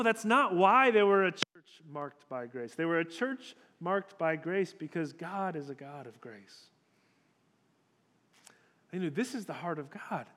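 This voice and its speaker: Pastor guy preaching, chatty but emphatic, fairly high voice, long hall echo. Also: fairly bright tone. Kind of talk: sermon.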